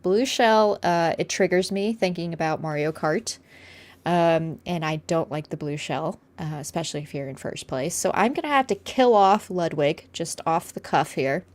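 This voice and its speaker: A woman co-hosting a casual chat, laid-back, thinking aloud with ums and drawn-out words. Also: on the low side. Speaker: podcast co-host.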